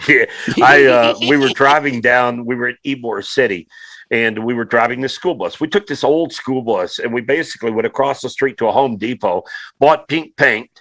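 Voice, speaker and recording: A man's voice: medium pitch, normal speed, fairly bright tone, no echo, rough recording. Easygoing male radio veteran reminiscing. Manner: laughs along, short agreeing replies. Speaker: radio host guest. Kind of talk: casual reminiscing chat.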